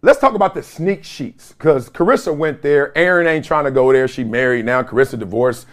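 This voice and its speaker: Middle-aged guy hosting his own show, acts out everybody in the story, highish voice. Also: a little fast. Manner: animated storytelling with laughs and mimicked voices. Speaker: host. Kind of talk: comedic solo talk show monologue.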